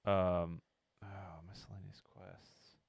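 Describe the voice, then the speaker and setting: A man's voice: sits low, flat delivery, takes it slowly, gravelly, slightly rough, no room sound, phone-quality sound. A man co-hosting a casual podcast, hesitant and full of fillers as he searches for words. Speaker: podcast co-host. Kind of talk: casual chat.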